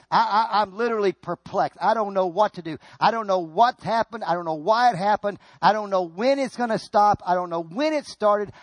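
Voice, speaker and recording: A man preaching a sermon as pastor, swinging between soft asides and loud emphatic lines and often repeating words. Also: sits high, fairly quick, dry recording.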